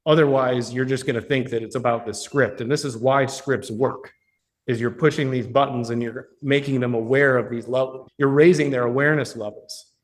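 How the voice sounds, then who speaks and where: A man's voice: medium pitch, fairly even intonation, normal speed. A man leading a live workshop as a business coach, talking bluntly with plenty of swearing and often checking in with the people in the room. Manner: blunt, profane, keeps checking in with the audience. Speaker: business coach hosting a mastermind. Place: meeting room with a live audience.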